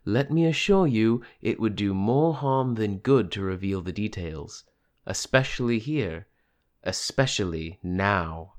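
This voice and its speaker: A man's voice: lowish voice, expressive. A man reading an audiobook, voicing a controlled woman leader of a secret group who speaks formally and firmly. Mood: guarded. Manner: formal, measured, unyielding.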